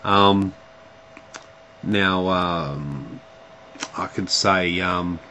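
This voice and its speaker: A man's voice: low voice, extremely slow, bright, forceful tone, a little hiss or hum, poor audio. A man with an Australian accent chatting casually to camera in a vlog, hesitant and full of ums and restarts. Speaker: vlogger.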